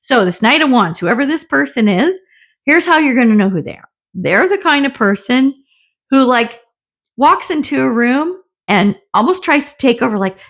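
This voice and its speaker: A woman's voice: sits high, big pitch swings, moderate pace, a bit bright. A middle-aged woman giving a casual tarot reading, chatty and often laughing, with the odd swear word. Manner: chatty, laughing, swears, acts out little voices. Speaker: tarot reader.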